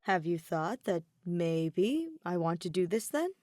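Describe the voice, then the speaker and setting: A woman's voice: fairly low pitch, big pitch swings, slow, warm tone, dry recording. A flippant young gambler with a light, teasing manner, as a woman reader puts him on. He talks with theatrical flair in a fan audio story, and the recording is dry and close. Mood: playful.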